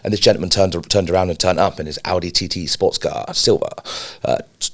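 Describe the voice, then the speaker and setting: Fast-talking man, lively storyteller. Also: low voice. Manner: animated storyteller, swears freely, repeats words when worked up. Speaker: podcast co-host. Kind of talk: casual business podcast chat.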